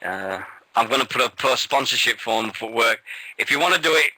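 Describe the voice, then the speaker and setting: Man, radio co-host, rambling, excitable, swears a lot, sharp bright tone, dry sound. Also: medium pitch, a little fast, no echo, rough recording. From England. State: nervous, shaky. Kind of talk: casual radio chat.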